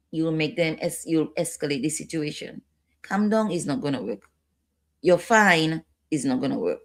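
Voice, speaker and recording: Low-pitched woman instructor, lecturing, repeats stuff, keeps asking okay?. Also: lively intonation, normal speed. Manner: instructive, repeats key points, checks in with "okay?". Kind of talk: training lecture.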